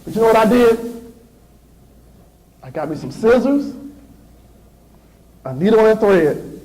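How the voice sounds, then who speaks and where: A man in his thirties giving a motivational speech to students, telling stories in an animated way and acting out voices and sound effects. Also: high-pitched, slow, rough recording. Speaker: motivational speaker. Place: school assembly.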